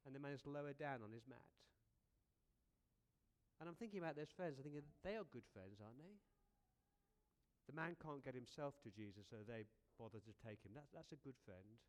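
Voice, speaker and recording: A man preaching a sermon as a lively, conversational story, often repeating words and asking rhetorical questions. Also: medium pitch, fairly quick, pauses often.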